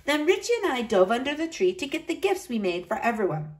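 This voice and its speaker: A woman reading a children's Christmas story aloud, with lively delivery and high excited lines for the children. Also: brisk, low-quality recording. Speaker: storybook narrator. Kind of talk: storybook read-aloud narration.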